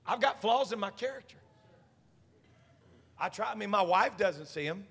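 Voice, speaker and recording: Male pastor, bright, forceful sermon voice, call-and-response, reverberant sanctuary. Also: high voice, lively intonation, normal speed, gravelly. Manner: swings from quiet talk to shouted preaching. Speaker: senior pastor. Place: church sanctuary. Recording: long reverb of a church hall.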